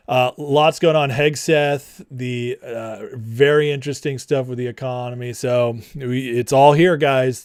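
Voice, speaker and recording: Man, livestream host, casual, mocking, laughs often, middle pitch, dry close sound. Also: no echo. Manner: mocking, laughs a lot, greets chat by name. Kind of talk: casual political livestream commentary.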